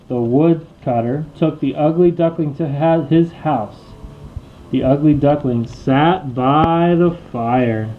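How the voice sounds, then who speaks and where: A man reading a children's storybook aloud, clear and expressive. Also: on the high side, narrow, tinny audio, slight background noise. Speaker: storybook reader.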